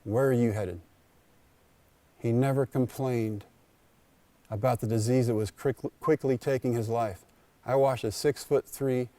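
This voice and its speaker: A man at mid pitch with a warm, mellow tone tells a personal story from the stage. He speaks in short punchy sentences with dramatic pauses, and his voice sounds close and dry. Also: no room sound. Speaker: keynote speaker. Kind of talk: storytelling speech. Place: school district convocation event.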